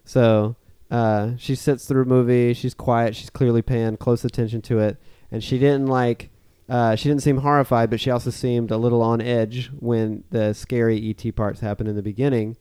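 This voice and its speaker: Mellow smooth-voiced man discussing films. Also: medium pitch, little pitch movement, moderate pace, hardly any pauses, dry recording, studio quality. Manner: thoughtful, meandering, frequent restarts. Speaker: podcast panelist. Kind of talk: casual film discussion.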